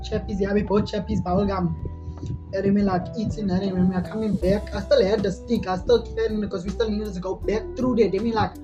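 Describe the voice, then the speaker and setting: Woman, casual storyteller, filler-heavy and giggly; dull lo-fi track, soft music bed. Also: mid-range voice. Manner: rambling, laughing often, many "like" fillers. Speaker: vlogger. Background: faint music.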